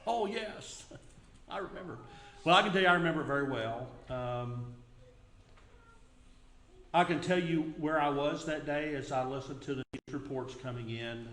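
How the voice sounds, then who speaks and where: A man's voice: mid-range voice, normal speed, fairly bright tone. A middle-aged man preaching a sermon in a church in an earnest, conversational way. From United States. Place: church sanctuary. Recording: echoey church room.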